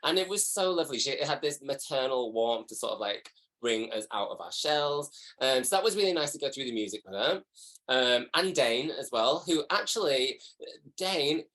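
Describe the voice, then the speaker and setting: A man with a Yorkshire accent from West Yorkshire, chatting as a guest in a relaxed interview, giggling and jumping up high when he quotes people. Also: moderate pace. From West Yorkshire, England. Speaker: guest, drag performer. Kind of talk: casual interview chat.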